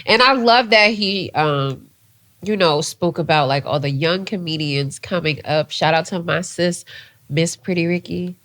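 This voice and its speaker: A woman's voice: lowish voice, unhurried. A woman co-hosting a podcast, chatting casually and telling stories with lots of "like" and some swearing. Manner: animated storytelling, swearing, lots of "like" and "child". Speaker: podcast co-host. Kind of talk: casual chat.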